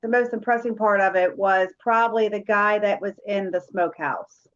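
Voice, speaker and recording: A woman's voice: medium pitch, steady tone, moderate pace. A woman paranormal investigator telling a rambling story in casual chat. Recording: dull lo-fi sound.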